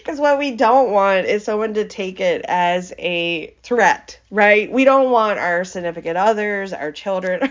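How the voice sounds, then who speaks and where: A woman's voice: medium pitch, lively intonation, a little slow, hardly any pauses, lo-fi sound. Chatty woman hosting a self-help podcast. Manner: chatty, laughs often, asks "right?". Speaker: podcast host. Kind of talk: motivational podcast talk.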